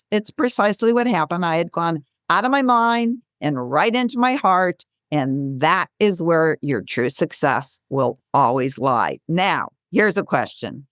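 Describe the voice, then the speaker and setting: A woman in her sixties, a guest author and speaker, telling stories in an interview with lively, laughing delivery. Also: no echo, clean studio sound. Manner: animated, acts out quotes with bright pitch jumps, laughs often. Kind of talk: conversational storytelling.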